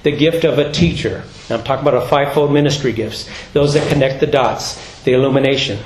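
A man preaching a sermon, rising high and loud for emphasis, then dropping low and quiet to close. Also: fast talker, echoey room, slight background noise, low-quality recording. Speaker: pastor.

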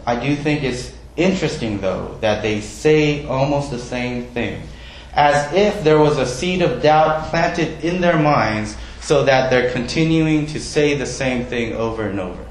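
Heard in an echoey room over a rough recording with a bit of hiss or hum, a man with a mid-range voice speaks at a measured pace. He's a pastor preaching conversationally, self-deprecating and often quizzing his listeners.

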